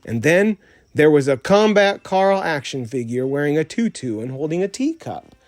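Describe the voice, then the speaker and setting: A man narrating a children's storybook audiobook in a measured, plain reading. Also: fairly high pitch, big pitch swings, a little mellow, no room sound. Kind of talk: storybook read-aloud narration.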